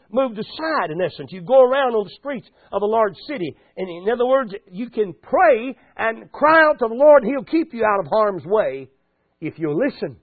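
A man's voice: sits high, husky, no room sound. A man preaching a sermon in a folksy manner that rises into fervent exhortation, heard over a tinny radio broadcast.

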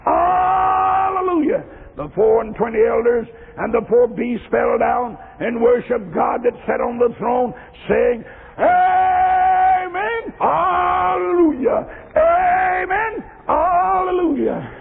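A man preaching a sermon, rising into shouted, sung chanting with cries of praise. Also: very high-pitched, takes it slowly, creaky. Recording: tinny lo-fi recording in echoing hall.

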